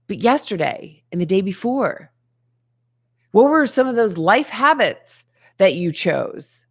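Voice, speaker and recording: Lively woman giving motivational talk. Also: mid-range voice. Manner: earnest, conversational, asks many rhetorical questions; laughs between points. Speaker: host of a daily self-help show.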